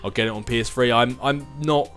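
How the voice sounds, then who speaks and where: A relaxed man in an everyday mid-range voice talks through viewer questions, easygoing and prone to little chuckles. Faint music plays underneath. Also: medium pitch, brisk. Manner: chatty and easygoing, chuckling between thoughts. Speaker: gaming channel host. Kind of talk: casual viewer Q&A chat.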